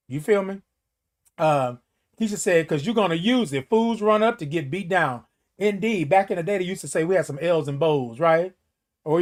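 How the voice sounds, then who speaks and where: A man hosting a casual livestream, reading viewer comments and talking to them directly in a folksy, animated way. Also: fairly high pitch. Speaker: livestream host.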